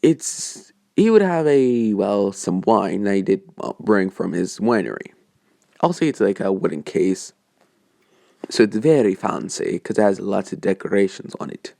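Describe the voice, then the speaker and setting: Male storyteller, low gravelly voice, dry close sound, rambling improvised delivery. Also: sing-song, measured pace, mellow, dry recording. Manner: rambling, hesitant, many fillers and self-corrections. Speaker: fan story narrator.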